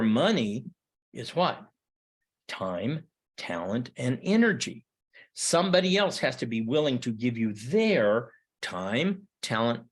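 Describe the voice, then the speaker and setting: Emphatic middle-aged man lecturing. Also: mid-range voice. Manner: emphatic, with repeated rhetorical questions. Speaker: history teacher. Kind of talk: classroom lecture.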